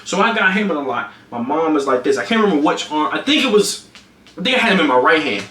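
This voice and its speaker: A young man on a livestream tells a story with lots of energy, excitably acting out the scene with sound effects. His voice is on the high side, his pace quick, and the room echoes.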